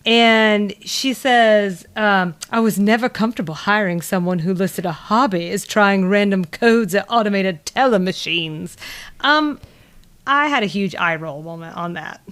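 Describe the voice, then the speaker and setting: A woman's voice: medium pitch, a little slow, fairly bright tone, smooth. Southern woman podcast co-host, chatty, rambling recap delivery. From American South. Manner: rambling, many fillers and restarts. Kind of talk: casual chat recap.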